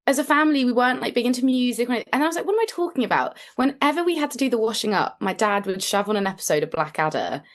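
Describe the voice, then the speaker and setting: A woman's voice: a little high, lively intonation, racing, hardly any pauses. A woman, chatting as a comedy guest in a casual, self-deprecating way with lots of fillers. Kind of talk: casual interview chat.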